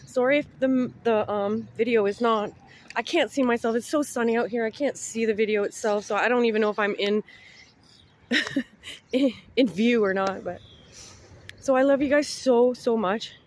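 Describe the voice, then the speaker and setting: A woman's voice: fairly high pitch, moderate pace, a little hiss or hum. A woman in her thirties with children, tearfully giving a heartfelt spiritual message outdoors in the sun, rambling and repeating herself. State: tearful, close to crying. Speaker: spiritual vlogger. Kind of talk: emotional spiritual message to camera.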